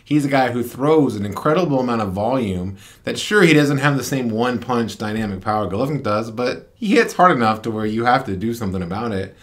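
A man co-hosting a casual boxing talk show, giving emphatic, opinionated takes with quick asides. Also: mid-range voice, expressive. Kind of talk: casual chat.

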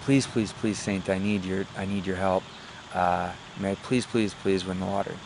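A man putting on a desperate poor man, begging over and over, voice pushed higher and louder than usual, pleading and repetitive. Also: steady tone, moderate pace, slight background noise.

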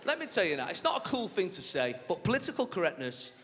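A man doing a live stand-up routine on a theatre stage, chatty and animated, with mock-outraged asides. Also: high-pitched, fast, loud music behind the voice. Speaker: stand-up comedian. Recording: reverberant theatre with crowd laughter. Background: audience laughter.

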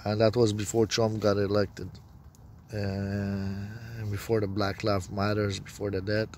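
A man's voice: fairly low pitch, little pitch movement, unhurried, darkish tone, a little hiss or hum. A man telling a rambling personal story, profane and meandering, with broken grammar. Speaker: self-described prophet.

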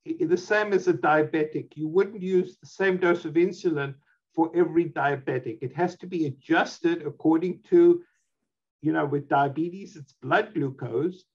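Male doctor, insistent and emphatic, fairly high voice over muffled call audio. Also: normal speed. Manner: emphatic, dismissive of opposing views. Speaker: physician guest. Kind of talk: expert interview answers.

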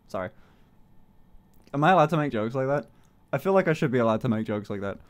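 A man's voice: mid-range voice, expressive, fast talker. A young man livestreaming, chatting casually with his viewers, joking, swearing and laughing often. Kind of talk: casual chat reading out chat messages.

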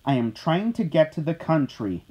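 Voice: medium pitch, very animated, moderate pace, dark tone, slightly rough. A reader voicing a curious, adventurous city hen in a storybook read-aloud, asking questions eagerly.

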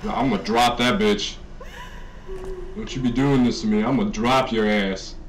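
A man's voice: lowish voice, steady tone, normal speed, distant mic, background noise. A man commenting on a horror game as he plays, jumpy and nervous, swearing and joking through the scares. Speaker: gaming YouTuber.

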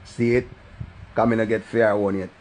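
A man with a Jamaican accent, talking in patois on his live stream in an animated, sing-song way and often repeating a catchphrase. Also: lowish voice, moderate pace, slight background noise. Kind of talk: casual live-stream rant.

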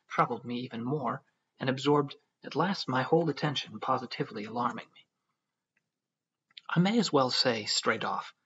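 A man narrating an audiobook in a measured storytelling manner. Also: mid-range voice, a bit bright, husky. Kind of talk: scripted narration. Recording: dull lo-fi audio.

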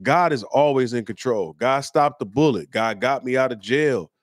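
A man's voice: mid-range voice, moderate pace, no echo, studio quality. A man hosting his own show, telling a personal story in an earnest, casual, slangy way. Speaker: host.

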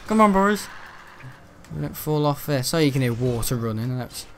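A man's voice: mid-range voice, animated, normal speed, fairly bright tone, slight background noise. A young British man at home in his bedroom, rambling through casual gaming commentary, joking, swearing freely and laughing often. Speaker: gaming video host.

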